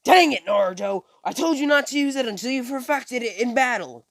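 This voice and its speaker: A man's voice: very high voice, expressive, brisk, no room sound, voice pushed up. A man voicing a stern adult male ninja teacher who scolds his student. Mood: scolding. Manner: scolding, exasperated. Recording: dry close phone mic.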